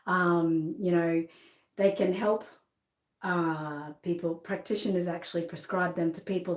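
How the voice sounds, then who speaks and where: This clip has a darkish, medium-pitched female voice belonging to a middle-aged Australian doll seller. She's bubbly and talkative as she showcases her dolls live, often laughing at herself, with a roomy echo around her.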